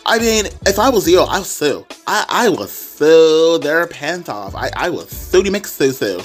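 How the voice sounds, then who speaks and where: A man ranting and mocking loudly in a profane reaction commentary. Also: on the high side, measured pace, faint music behind. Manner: loud, profane, mocking and animated. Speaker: reaction video creator.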